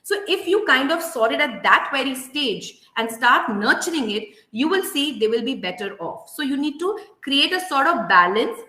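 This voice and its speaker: A woman with an Indian English accent giving an earnest, emphatic workshop talk on parenting to parents and teachers, slowing down to stress key points. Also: high-pitched, animated, bright, forceful tone. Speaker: parenting educator. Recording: roomy echo.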